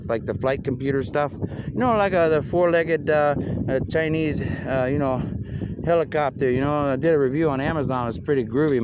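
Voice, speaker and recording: A man's voice: mid-range voice, noisy background. A man talking in a rambling monologue over footage, drifting between topics with wordplay and filling his talk with "man" and "you know".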